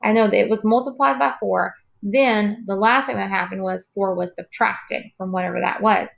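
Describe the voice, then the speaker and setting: A woman math teacher recording a lesson late at night, her voice tired, clearing her throat now and then, patient and reassuring with her students. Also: medium pitch, normal speed.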